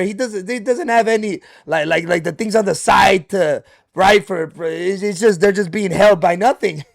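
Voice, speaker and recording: Excitable man with a high, gravelly voice. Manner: excitable, lots of fillers and restarts. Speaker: reaction video host. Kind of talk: casual reaction commentary.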